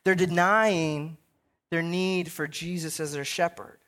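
A man's voice: a little high, fairly even intonation, slow, fairly bright tone. Conversational man preaching a sermon. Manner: conversational preaching, frequent "right?" tags. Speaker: pastor.

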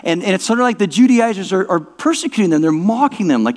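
A man's voice: high-pitched, animated, quick pace. A male pastor giving an informal, conversational sermon, often restarting words and asking the audience whether it makes sense. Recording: long reverb of a large hall.

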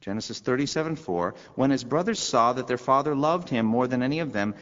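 A man's voice: mid-range voice, lively intonation, a little fast, few pauses, a bit bright, long reverb tail, dull audio. A pastor preaching a sermon in a conversational way, asking his listeners rhetorical questions.

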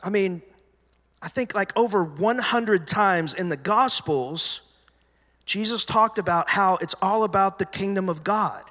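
A man preaching in a large church hall, his voice high and bright with a long reverb trailing each phrase. He talks to the congregation in a lively, conversational way, acting out what people said and sometimes dropping to a hush. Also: normal speed. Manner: animated, conversational preaching with acted-out quotes and dropping to a hushed voice. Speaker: pastor. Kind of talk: sermon.

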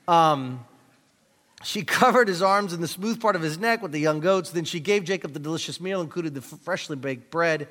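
A man's voice: a little high, normal speed, a bit bright. A man preaching as a pastor, reading scripture with plain-spoken, jokey asides and leading a prayer. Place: church sanctuary. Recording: reverberant hall.

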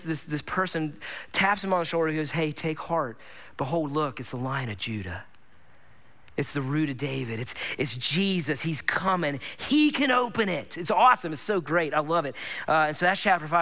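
A male pastor delivering a casual, enthusiastic sermon. His voice sits high and rings bright, and he talks to the congregation like friends. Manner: conversational, enthusiastic, addresses congregation as gang.

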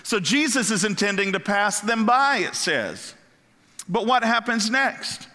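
A man preaching a sermon as pastor, animated and asking the congregation questions. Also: high-pitched, unhurried. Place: church sanctuary. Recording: long hall reverb.

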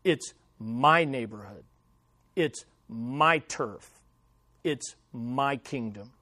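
A man's voice: very slow, sharp tone, no echo, clean studio sound, exaggerated voice. A man putting on a snarling mafia boss with a mock Italian accent. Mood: possessive. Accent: put-on Italian. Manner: low, snarling, possessive. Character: snarling mafia boss claiming his turf.

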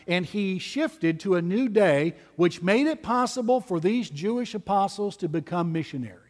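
A man preaching an expository sermon in a slow, emphatic, deliberate way. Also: high-pitched, big-room sound.

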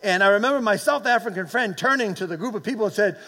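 A man's voice: high voice, lively intonation, quick pace, sharp tone. A man in his late fifties or older preaching a sermon, telling a personal story and calling on the congregation to respond. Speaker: pastor.

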